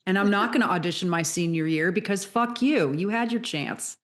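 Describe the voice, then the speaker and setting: A woman's voice: fairly low pitch, a little fast. A middle-aged woman co-hosting a podcast, talking in a blunt, joking way. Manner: blunt, joking, swears for effect. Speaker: podcast co-host. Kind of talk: casual chat.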